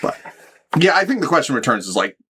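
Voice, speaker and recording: Bright-voiced man recapping comics. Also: mid-range voice, quick pace, breathy edge. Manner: animated retelling with quoted voices and laughs. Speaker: podcast co-host. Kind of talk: casual chat recapping a comic.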